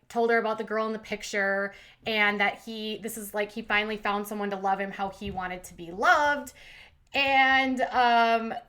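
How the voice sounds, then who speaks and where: A woman with a medium-pitched, sharp-toned voice hosts a commentary channel. She recaps reality TV in a chatty, opinionated style, acting out quotes in different voices.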